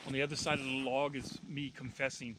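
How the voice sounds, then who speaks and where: A man's voice: mid-range voice, level tone, fast, background noise. A man chatting casually at a winter campsite, telling training stories with easy laughs. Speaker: vlogger. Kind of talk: casual chat. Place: snowy winter campsite outdoors.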